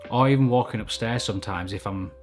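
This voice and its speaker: A man's voice: lowish voice, fast talker, soft background music. A man talking openly and reflectively to camera in a personal vlog, recorded indoors at home. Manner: open, reflective, self-critical. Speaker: vlogger. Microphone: camera mic at desk.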